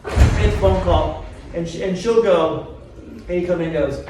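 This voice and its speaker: A middle-aged man, a chiropractor teaching a live seminar, who keeps quizzing his audience with quick questions. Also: high voice, steady tone. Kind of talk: live seminar talk to a group. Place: seminar room. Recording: very echoey room, from far off, faint noise.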